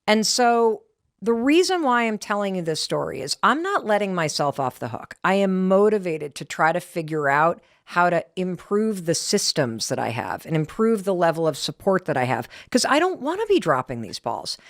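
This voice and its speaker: A middle-aged woman hosts her podcast, telling a story on herself with animated, self-deprecating energy. Her pitch swings widely as she talks, and the sound is dry and close. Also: normal speed, dry recording. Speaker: podcast host. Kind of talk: casual talk to listeners.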